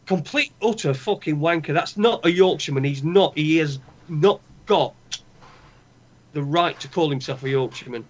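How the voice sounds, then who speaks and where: A man's voice: on the high side, moderate pace. A man with a Northern English accent co-hosting a podcast, ranting with heavy swearing and strong opinions. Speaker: podcast co-host. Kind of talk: casual chat. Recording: dull lo-fi sound.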